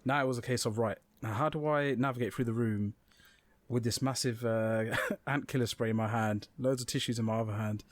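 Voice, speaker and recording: Fast-talking young man telling stories. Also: medium pitch, dry recording. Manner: swearing, animated storytelling with acted-out quotes. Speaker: podcast co-host. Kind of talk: casual chat.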